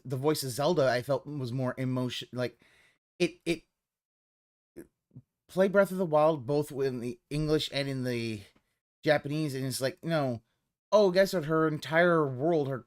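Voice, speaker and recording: A man streaming live and commenting casually, rambling and swearing as he reacts to a clip. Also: medium pitch. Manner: rambling, profane, animated.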